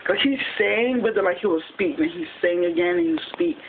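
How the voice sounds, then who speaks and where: A fan reviewing a TV episode in a casual recap, retelling the plot quickly and rambling, with restarts along the way. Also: medium pitch, sing-song, gravelly. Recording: tinny phone-like audio with faint hiss.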